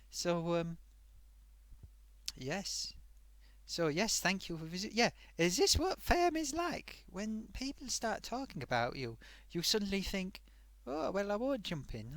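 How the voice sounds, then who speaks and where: A man's voice: on the high side, fairly bright tone, no room sound. A man hosting a casual live stream, reading out forum comments with a chatty, self-amused manner.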